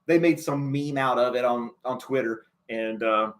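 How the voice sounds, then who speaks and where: A man's voice: mid-range voice, moderate pace. A man hosting a casual chat show, talking loosely and laughing often. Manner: chatty, laughs a lot. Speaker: host.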